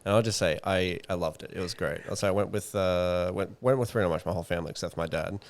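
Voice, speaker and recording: A man's voice: low voice, fast. A young man co-hosting a podcast, chatty and laughing often as he tells stories and swears freely. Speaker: podcast co-host. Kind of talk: casual chat.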